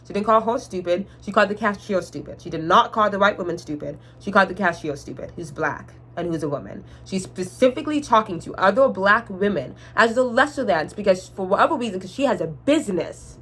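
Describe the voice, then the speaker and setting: A young woman tells a storytime on her vlog in an animated, exasperated rant. She swears freely and cannot quite say her R sounds. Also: medium pitch. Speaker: vlogger.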